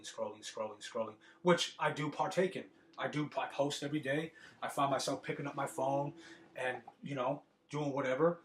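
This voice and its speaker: A man talking loosely into a podcast mic, swearing freely and doubling back on his words as he gets animated. His voice sits at an ordinary pitch for a man. The room has a noticeable roomy echo. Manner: profane, animated street talk with repeated words. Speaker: podcast host. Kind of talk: casual monologue.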